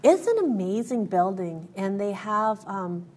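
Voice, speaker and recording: Earnest woman in an interview, mid pitch, keeps stopping and restarting, faint rumble behind. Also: sing-song, darkish tone. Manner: earnest, halting with many fillers and restarts. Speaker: interview guest. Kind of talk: candid interview storytelling.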